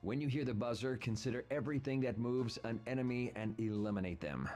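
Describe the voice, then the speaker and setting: A woman voicing a lab researcher who gives instructions in a calm, businesslike way. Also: rumbling low, fairly quick, soft background music, pitched below the performer's own voice.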